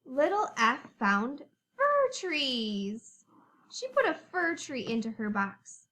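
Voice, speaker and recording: A woman teacher leading a phonics lesson for young children, animated and sing-song, reading a storybook aloud. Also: fairly high pitch, slow pace.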